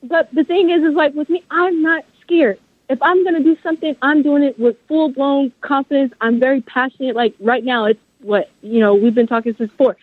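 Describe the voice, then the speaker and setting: On a dry phone line without echo, a woman author speaks a little fast with few pauses, her high voice holding a steady tone. Her interview talk is passionate, emphatic, firmly convinced, and rooted in faith.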